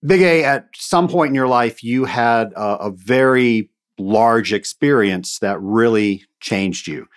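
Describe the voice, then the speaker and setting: A man hosting an interview, gently inviting his guest to share a story. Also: medium pitch, slow, hardly any pauses. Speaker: host. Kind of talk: interview question.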